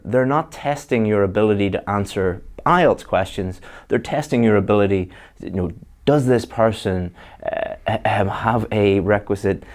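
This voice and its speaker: A man's voice: fairly low pitch, darkish tone. A man giving a spoken English exam lesson, conversational, with fillers and repeated words.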